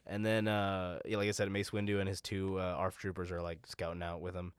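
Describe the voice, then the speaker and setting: Laughing, rambling man with a low voice. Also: little pitch movement, clear, resonant tone, no echo, studio quality. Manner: laughing, rambling, doing quick silly character voices. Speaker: podcast co-host. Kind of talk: casual chat recapping a show.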